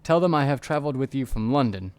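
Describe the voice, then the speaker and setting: A man's voice: mid-range voice, lively intonation, fast talker, darkish tone, clean tone, lightly acted. A man reading aloud the lines of a young woman spy and former pickpocket in a game, in a lightly raised voice.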